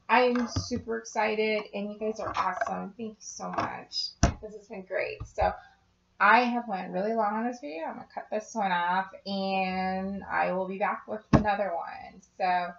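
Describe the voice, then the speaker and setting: A woman with a gravelly edge chats loosely through a haul vlog, full of ums and restarts, hiccups now and then. Her voice bounces around an echoey room. The sensitive home mic sounds dull and picks up faint noise. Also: fairly high pitch. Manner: rambling, many ums and restarts. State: has the hiccups. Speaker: nail supply seller and vlogger.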